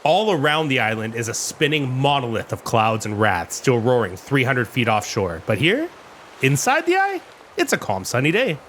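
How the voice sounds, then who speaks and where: A man narrating a tabletop game as game master, describing the scene with dramatic pauses. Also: mid-range voice, animated, fairly bright tone, a little hiss or hum.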